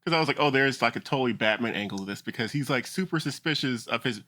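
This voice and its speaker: A man's voice: mid-range voice, animated, quick pace, pushed and bright. A man in casual podcast chat, talking loosely with lots of fillers and some laughter. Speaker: podcast panelist.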